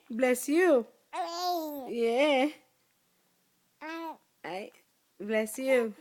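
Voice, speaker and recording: A woman's voice: a little high, lively intonation, very slow, pauses often. A woman talking baby talk to her infant son, cooing and asking the same short questions over and over.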